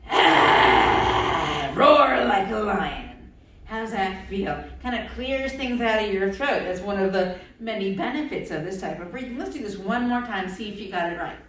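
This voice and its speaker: A woman's voice: medium pitch, brisk, hardly any pauses, a crowd in the background. A woman leading a yoga routine for children and their adults, cheerful and encouraging, coaxing them along with questions. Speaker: kids' yoga instructor. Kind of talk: guided yoga instruction for children. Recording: very echoey room, far from mic.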